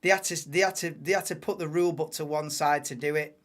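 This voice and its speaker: A man's voice: a little high, steady tone, fast, fairly bright tone. A man hosting a live watchalong, casual banter-heavy commentary that swears and laughs at his own jokes.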